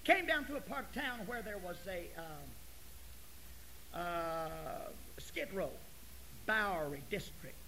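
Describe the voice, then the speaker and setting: Guy preaching a sermon, high voice, goes from hushed to shouting, bit of hiss. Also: animated, slow pace, rough recording. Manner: swings from soft near-whispers to loud preaching; folksy storytelling.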